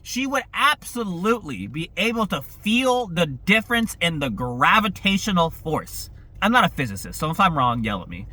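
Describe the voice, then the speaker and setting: A young man giving a casual, profane, exasperated movie review, talking in an animated way. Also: sits high, moderate pace.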